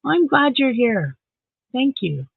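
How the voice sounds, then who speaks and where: A man's voice: extremely high pitch, sing-song, takes it slowly, creaky, husky, dry recording. A man from Saskatchewan, Canada, hosts a casual late-night live stream from home, reading viewer comments aloud, answering them, and talking to his dog. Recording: dry, phone-like sound.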